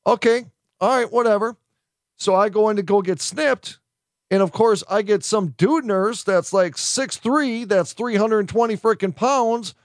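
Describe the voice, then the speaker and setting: A man's voice: high-pitched, measured pace, dry recording. A man co-hosting a comedy talk show, chatting in a brash, joking way and saying "dude" and "bro" a lot. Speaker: podcast co-host. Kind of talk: casual comedic chat.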